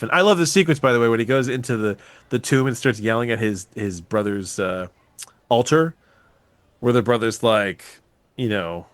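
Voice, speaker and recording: A man hosting a podcast, casually recapping a movie with lively, profane storytelling. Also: medium pitch, clear, resonant tone, no echo. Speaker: podcast host.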